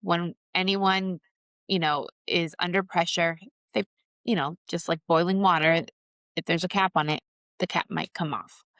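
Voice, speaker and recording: Candid woman host, low dry voice. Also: steady tone, moderate pace, fairly bright tone, no echo. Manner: candid, emotional, reenacts her own outbursts. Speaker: podcast host. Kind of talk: personal storytelling monologue.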